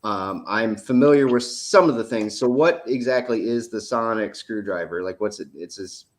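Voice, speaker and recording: A man in casual chat, asking curious questions in a relaxed way. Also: lowish voice, normal speed.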